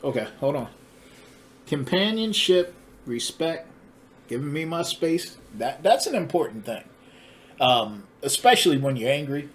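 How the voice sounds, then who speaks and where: A man hosting a casual podcast chat, telling stories in a relaxed way with chatty asides. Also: a little high, measured pace.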